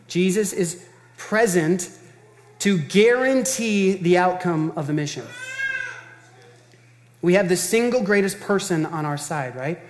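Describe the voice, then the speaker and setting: A man's voice: high voice, big-room sound. A man preaching a sermon as pastor, earnest and emphatic, talking in a conversational way and repeating phrases for stress.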